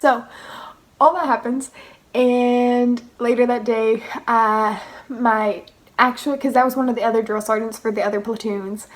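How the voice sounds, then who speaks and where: High-voiced young woman telling a story. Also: a little slow, rough recording. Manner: animated, acts out quotes, laughs often. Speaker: vlogger. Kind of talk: casual storytelling.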